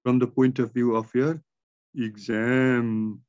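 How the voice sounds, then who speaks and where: A man with a Nepali accent teaching an exam-prep English grammar lesson, dictating sentences slowly word by word. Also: medium pitch, steady tone, darkish tone, dull audio. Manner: slow, measured dictation, repeating sentences word by word.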